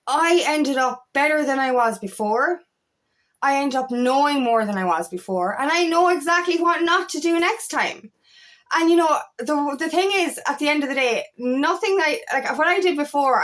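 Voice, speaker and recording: Brief: female empowerment coach, fairly high voice, blunt and emphatic, curses for effect, talks straight to camera. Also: a bit bright. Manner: emphatic, swears freely, repeats phrases. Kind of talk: motivational talk to camera.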